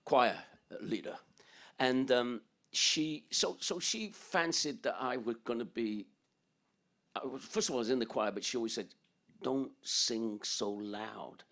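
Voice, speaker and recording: A man's voice: mid-range voice, moderate pace, fairly bright tone. An older man from England, a musician telling rambling, joking stories in an interview, laughing often. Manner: rambling, joking, laughs often, breaks into song and quoted voices. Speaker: guest musician. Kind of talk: storytelling interview.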